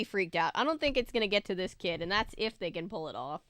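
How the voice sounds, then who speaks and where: A woman's voice: mid-range voice, expressive, quick pace, a bit bright, no echo. A woman reading a children's horror book aloud, breaking off for casual asides to her viewers. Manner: casual, chatty remarks to viewers between passages. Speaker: book reader and video host.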